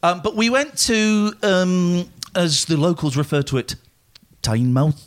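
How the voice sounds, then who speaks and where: A man's voice: high-pitched, lively intonation, a little slow, clean tone. A man in casual conversation, rambling through funny stories and comic rants. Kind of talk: casual chat.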